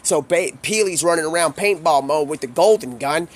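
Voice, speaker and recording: A man's voice: on the high side, moderate pace. A man streaming live, improvising a rambling nonsense story, chuckling and restarting as he goes.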